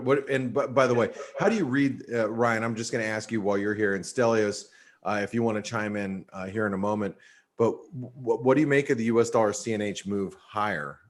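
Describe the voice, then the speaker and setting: A man's voice: on the low side, fairly quick. Tired, rambling man hosting a webinar. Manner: loose and rambling, many fillers. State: tired and yawning. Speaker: webinar host. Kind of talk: casual market commentary.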